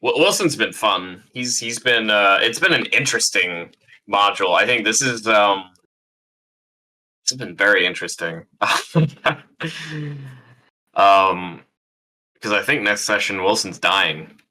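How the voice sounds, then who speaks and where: A man running a tabletop game, talking in a rambling, easygoing way full of filler words. His voice sits a little low but has a bright, forceful edge. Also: expressive, slow, pauses often, low-quality recording. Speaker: game master. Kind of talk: casual table talk.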